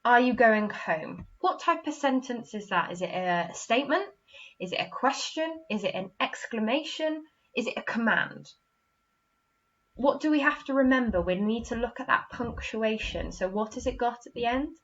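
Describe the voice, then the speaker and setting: A woman whose voice is on the high side, with lively intonation and normal speed, leads a primary school literacy lesson; the recording has its highs cut off. She patiently repeats "okay?" after every point and acts out example sentences expressively.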